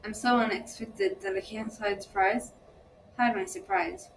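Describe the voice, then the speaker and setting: A woman's voice: mid-range voice, unhurried. A woman reading a novel aloud in first-person narration, plainly, with small slips she corrects. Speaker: reader. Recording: steady background noise.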